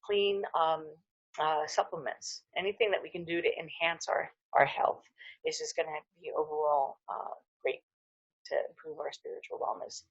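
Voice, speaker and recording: A woman's voice: sits low, moderate pace, no echo, dull audio. A middle-aged woman giving a casual, heartfelt wellness talk to camera, earnest and full of fillers and restarts. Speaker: holistic dental hygienist.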